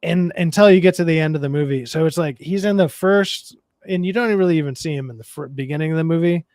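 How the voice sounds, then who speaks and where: A man with a low, raspy voice in a casual podcast chat, rambling and swearing through a movie review. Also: fast, darkish tone, no echo, studio quality. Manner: profane, rambling, wry.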